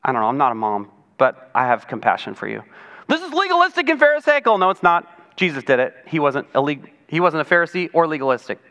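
A man's voice: medium pitch, fast, few pauses, fairly bright tone. A man preaching a chatty, conversational sermon as pastor, often acting out other people's voices. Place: church sanctuary.

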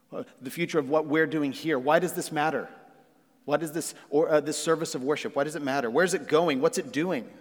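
A man preaching an earnest sermon as pastor, using fillers and rising to emphatic questions. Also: mid-range voice. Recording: long reverb of a hall.

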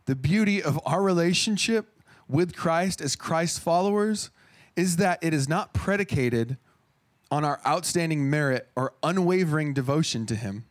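A man's voice: fairly high pitch, lively intonation, normal speed. A man in his thirties preaching a sermon in an earnest, conversational way, often restarting his phrases.

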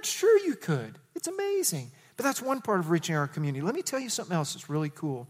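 Animated high-voiced male pastor preaching. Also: fast talker, hardly any pauses. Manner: animated storytelling, jumps to high excited quotes. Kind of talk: sermon.

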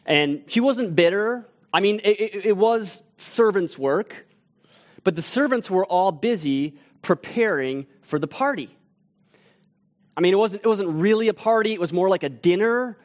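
A man with a fairly high voice preaches by telling a story, casual and conversational with small restarts. At tense moments he drops almost to a hush. It sounds like a church teaching-team pastor opening a sermon. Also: lively intonation, moderate pace.

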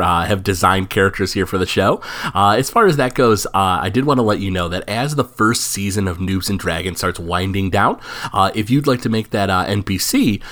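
A man's voice: deep voice, a bit bright. A man hosting and narrating a tabletop game as game master, talking with many fillers and restarts. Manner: filler-heavy, halting delivery.

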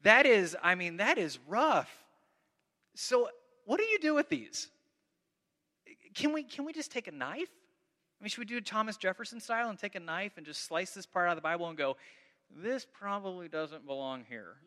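Guy preaching, high voice, super bright and sharp, lots of hall echo, reads verses all dramatic then chats. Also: normal speed, long pauses. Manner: animated preaching, reads scripture aloud dramatically; conversational, self-interrupting. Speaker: pastor. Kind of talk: sermon.

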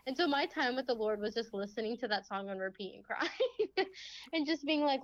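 A young woman guest telling a faith story in casual chat, full of "like"s and quick laughs. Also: a little high, animated, no echo. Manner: chatty, many fillers and "like"s, laughs often. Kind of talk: casual testimony in a faith podcast. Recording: slightly dull, lo-fi.

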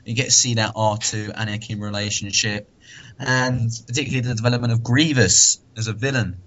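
A man with a fairly low voice co-hosts a podcast, laughing easily as he chats. He acts out lines as he talks. The recording sounds dull and lo-fi. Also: steady tone, brisk, fairly bright tone. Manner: laughs often and acts out quotes. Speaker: podcast co-host. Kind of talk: casual chat.

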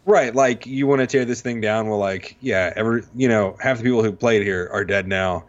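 A man's voice: fairly low pitch, fairly quick, muffled recording. A man chatting casually as a co-host about songs, laid-back and chatty, sometimes reading lyrics aloud. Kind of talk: casual chat.

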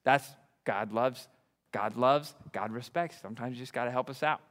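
A young adult man preaching a sermon, excitable and enthusiastic. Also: mid-range voice, normal speed, in a large hall. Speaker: pastor.

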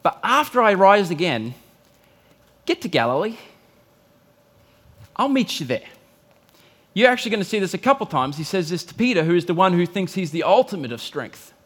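Animated man preaching a sermon. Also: moderate pace, pauses often. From Australia. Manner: animated storytelling, acting out quotes with big swings of pitch and volume. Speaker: pastor.

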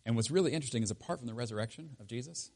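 A man preaching a sermon in a conversational, emphatic way, his voice rising loud and dropping low. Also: racing, vocal fry. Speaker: pastor.

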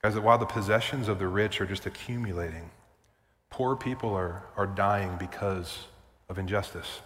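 A man's voice: low voice, moderate pace, fairly bright tone. A male pastor preaching a sermon, emphatic and repetitive, with casual asides to the congregation. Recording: long church reverb.

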